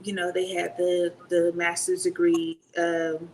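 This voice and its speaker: A woman in her fifties, a retired Army sergeant major, telling stories in a casual interview, animated and laughing as she talks. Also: fairly low pitch, measured pace, slight background noise, rough recording.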